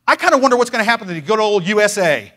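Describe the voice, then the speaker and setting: Fervent high-voiced man preaching. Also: expressive, racing. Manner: fervent preaching, swings from loud declarations to hushed pleading. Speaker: pastor. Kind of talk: sermon.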